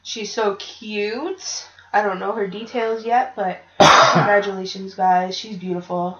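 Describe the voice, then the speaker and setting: A woman's voice: mid-range voice, fairly even intonation, measured pace, heavy background noise. A woman co-hosting a casual podcast, blunt and swearing freely. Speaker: podcast co-host. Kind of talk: casual chat. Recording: roomy, dull lo-fi podcast recording.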